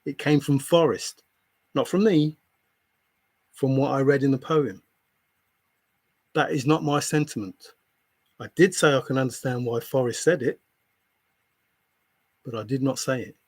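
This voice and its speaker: A man's voice: mid-range voice, measured pace, pauses often, a little mellow, dry recording. A man livestreaming, confronting a viewer in chat with an angry, repetitive, swearing rant.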